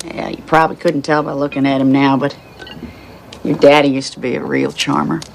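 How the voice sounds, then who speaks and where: A woman's voice: little pitch movement, a little fast, creaky, a little hiss or hum. A blunt, plain-spoken mother. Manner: plain-spoken, low murmuring. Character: blunt, worn-out mother of a grown son.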